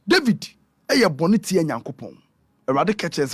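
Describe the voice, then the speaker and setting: Ghanaian male prophet, radio guest, lively preaching tone, slightly high voice, dry booth. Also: moderate pace, breathy edge, no room sound. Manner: animated, mixes Twi and English, acts out quotes.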